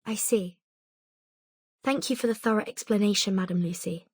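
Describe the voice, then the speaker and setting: A woman voicing a courteous, breathy messenger. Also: medium pitch, moderate pace, a little mellow, no room sound, clean studio sound, lightly acted. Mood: polite. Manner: courteous, formal.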